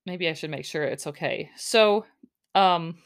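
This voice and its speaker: Speaking at a measured pace in a low-leaning voice, a female podcast host recaps things in a casual, rambling chat. Her talk is full of restarts and includes some swearing.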